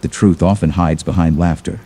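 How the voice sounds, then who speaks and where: A man narrating a scripted horror story in a measured, ominous manner. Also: sits low, steady tone, warm tone, husky.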